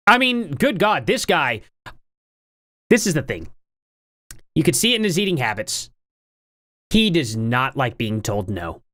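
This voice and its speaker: A woman's voice: low voice, big pitch swings, measured pace, long pauses, a bit bright, dry recording. A woman streamer giving casual, sarcastic commentary on a clip, full of rhetorical questions. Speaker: streamer reacting to a debate clip.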